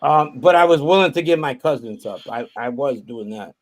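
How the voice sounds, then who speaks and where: A man's voice: mid-range voice, expressive, normal speed. A man, a guest on a call-in show, telling a profane story and acting out what other people said. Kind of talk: casual storytelling. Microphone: video call.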